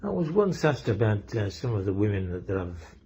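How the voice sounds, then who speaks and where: A man's voice: on the low side, very animated, a little fast, dark tone, breathy edge. A man telling comic anecdotes and reading a short poem, with a rambling delivery full of ums and uhs. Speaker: comedian and poet. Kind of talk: joke telling and poetry reading. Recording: dull lo-fi recording.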